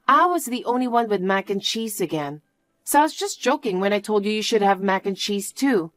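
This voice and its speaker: A woman's voice: medium pitch, lively intonation, a little fast, fairly bright tone, no room sound, soft background music. A woman telling a story in the first person and voicing its lines as the main character, in an earnest, easily surprised manner. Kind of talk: storytelling with acted dialogue.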